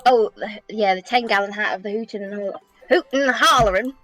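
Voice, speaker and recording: A woman's voice: mid-range voice, fast talker, fairly bright tone. A woman taking part as a player in a casual tabletop role-playing session, chatting and slipping into playful character bits.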